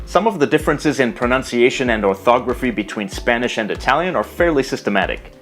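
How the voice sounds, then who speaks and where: A man narrating a scripted language lesson, explaining carefully and slowing down to pronounce example words. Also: mid-range voice, lively intonation, fairly bright tone, faint music behind. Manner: measured, explanatory, slows to pronounce foreign words. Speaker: language teacher.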